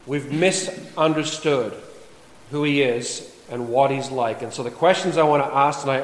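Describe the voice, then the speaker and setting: Pastor preaching in an echoey hall. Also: male voice, mid-range voice. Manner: conversational storytelling, then reading scripture aloud. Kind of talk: sermon. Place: church sanctuary.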